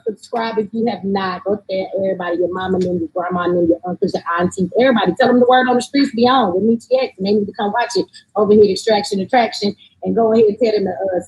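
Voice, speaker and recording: A woman's voice: mid-range voice, darkish tone, slightly rough, rough recording. A woman hosting a casual livestream, loose and joking as she talks, cussing now and then, streaming remotely from a tablet. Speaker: host. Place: remote location.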